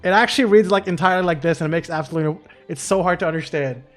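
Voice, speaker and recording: A man's voice: on the high side, rapid-fire, faint music behind. A man casually commenting on a game he is playing, with laughing asides between read dialogue. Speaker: let's play host.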